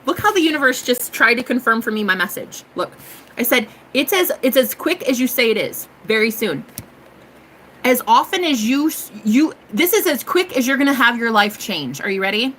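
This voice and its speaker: A woman tarot reader chatting casually on a live stream, animated and laughing often, swearing freely and breaking into snatches of song. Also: on the high side, moderate pace, a little hiss or hum, rough recording.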